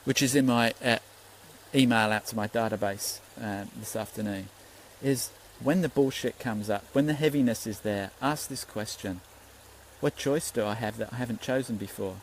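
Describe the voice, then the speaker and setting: A man's voice: fairly low pitch, moderate pace, a little hiss or hum, rough recording. A man, a spiritual teacher giving an earnest, rambling Facebook Live talk and swearing freely.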